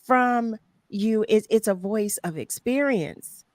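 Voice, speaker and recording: An effusive woman hosts a live talk show and greets her viewers by name. Her voice sits at a middle pitch and sounds close and dry, with no room around it. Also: animated, slow pace, darkish tone, no room sound. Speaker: host. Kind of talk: casual interview chat.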